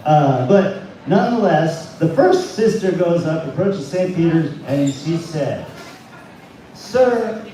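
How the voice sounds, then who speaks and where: A man's voice: a little high, animated, measured pace, mellow. A man doing stand-up at an open mic, telling a long joke and losing track of it as he goes. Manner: rambling, loses track of his own joke. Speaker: stand-up comic. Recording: echoey room, far from the mic, faint room noise.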